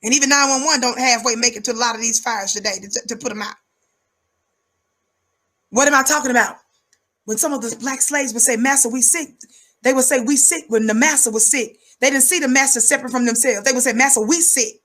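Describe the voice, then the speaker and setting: A woman's voice: quick pace, a bit bright. A woman giving fiery preaching-style commentary, emphatic and rhythmic, repeating words for effect. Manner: calls herself high-energy.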